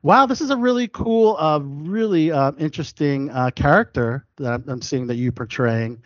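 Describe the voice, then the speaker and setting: Man, American, interview host, slightly high voice, hesitant with fillers, dull lo-fi recording. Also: moderate pace, dry recording. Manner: hesitant, many fillers and restarts. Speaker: podcast host. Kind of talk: casual interview chat.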